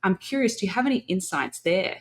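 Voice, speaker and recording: A woman's voice: mid-range voice, very animated, a little fast. A woman hosting a podcast interview, asking questions enthusiastically with frequent fillers. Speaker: podcast host.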